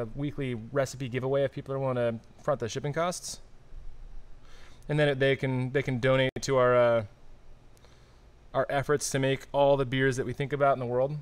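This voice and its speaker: A man chats offhandedly on a brewery live stream, tossing out jokes and half-formed ideas. His voice sits at an ordinary middle pitch and he rambles loosely through fillers. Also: fairly even intonation, brisk, smooth. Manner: offhand, joking, thinks aloud with fillers. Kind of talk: casual live stream chat.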